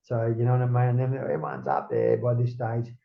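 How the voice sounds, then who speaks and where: A middle-aged man with an Australian accent and a gravelly, fry-laden voice tells stories in a rambling, animated rush, swearing at every turn. The sound is roomy and a little dull, as if the recording was made in a lo-fi, echoing space. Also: mid-range voice, a little fast. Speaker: interview guest. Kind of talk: casual storytelling.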